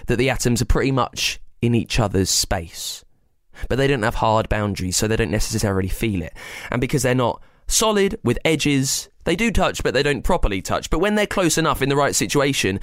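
A man hosting a children's science podcast, with a slightly gravelly voice, explaining things playfully and speaking straight to young listeners. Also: medium pitch, fairly bright tone, no room sound.

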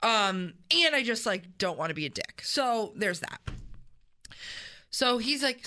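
A woman's voice: a little high, a little slow. A woman co-hosting a morning radio show, telling a story in casual banter and acting out the voices of the people in it. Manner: chatty, animated storyteller acting out quotes. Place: radio studio. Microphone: studio microphone.

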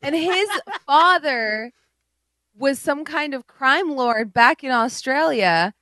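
A woman's voice: sits high, expressive, slow, bright, forceful tone, no echo. A woman co-hosting a podcast, chatting casually, laughing often and mimicking people. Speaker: podcast co-host. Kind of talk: casual chat.

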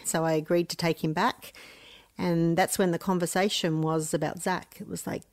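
A woman's voice: fairly low pitch, steady tone, moderate pace, no echo. A middle-aged Australian woman, a mother recounting events in an interview, speaking in an earnest, plain-spoken way. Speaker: mother of a missing man. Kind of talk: emotional interview recollection.

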